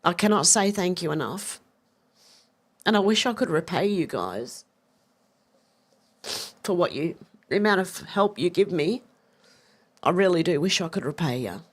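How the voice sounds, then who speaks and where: A woman's voice: fairly low pitch, animated, unhurried, pauses often, breathy edge. Middle-aged Australian woman, live-stream host, chatty and effusive, a bit congested. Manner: chatty, effusive, warm thanks, many restarts. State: slightly congested with a cough. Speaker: livestream host. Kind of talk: casual live-stream chat, reading viewer comments.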